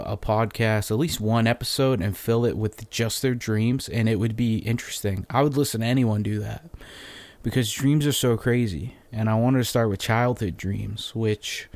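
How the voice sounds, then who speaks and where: A man's voice: medium pitch, normal speed, darkish tone, no echo. A man hosting a solo podcast, telling a story in a rambling, profane, off-the-cuff way, a little phlegmy. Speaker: podcast host.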